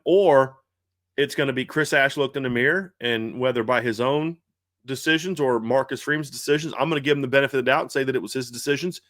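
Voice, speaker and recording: A man co-hosting a casual sports podcast talks through the game with plenty of fillers and quick restarts. His voice sits in a middle pitch, and the recording is dry and close with no room sound. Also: a bit bright, no echo. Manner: conversational, many fillers and restarts. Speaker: podcast co-host.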